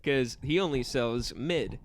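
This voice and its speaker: A man's voice: mid-range voice, a little slow, background noise. A young man co-hosting a podcast, trading dry wisecracks in casual banter. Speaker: podcast co-host.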